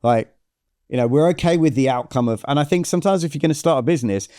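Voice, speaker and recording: Telling stories during a conversational interview, this podcast guest, a business coach, is animated, voicing quoted dialogue and restarting often. His medium-pitched voice is fast, and the dry recording is of studio quality.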